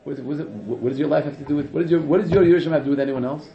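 A man teaching a class in an animated, rhetorical way, often asking "right?" and laughing, recorded in an echoey room with dull, lo-fi sound. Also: on the high side, rapid-fire, creaky. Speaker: religious teacher. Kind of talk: informal classroom lecture.

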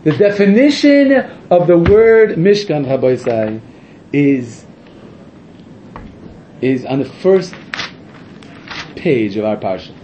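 A man teaching a Torah lesson to a class, excitable and full of rhetorical questions, often correcting himself mid-sentence. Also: a little high, takes it slowly, long pauses, slight background noise, rough recording.

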